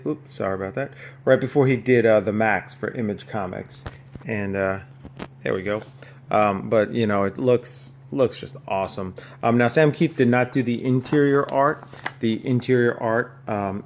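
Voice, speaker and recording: A man from North Carolina hosting a comic podcast, reviewing an old issue in a rambling, casual way with lots of fillers. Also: fairly low pitch. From North Carolina, USA. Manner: rambling, filler-heavy, chuckling asides. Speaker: podcast host.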